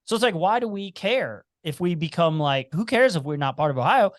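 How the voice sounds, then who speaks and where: A talkative man with a slight Appalachian twang, chatting as a podcast guest. His voice sits a little high for a man and sounds close and dry. He talks in animated bursts and restarts his sentences as he goes. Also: brisk, no room sound. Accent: slight Appalachian twang, Cincinnati. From Cincinnati area, United States. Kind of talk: casual chat.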